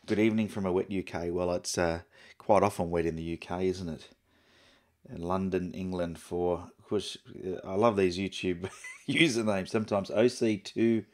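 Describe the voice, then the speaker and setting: A man's voice: sits low, fairly even intonation, a little slow, a little mellow. A middle-aged Australian man hosting a photography livestream, rambling and chatty with lots of fillers and restarts. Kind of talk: casual live-stream chat.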